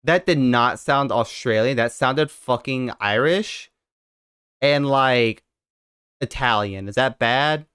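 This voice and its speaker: A young man chats casually on a live stream, rambling and addressing his viewers directly. His voice sits at an ordinary mid pitch. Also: slow, fairly bright tone, clean tone, no room sound, clean studio sound. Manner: rambling, talks straight to chat.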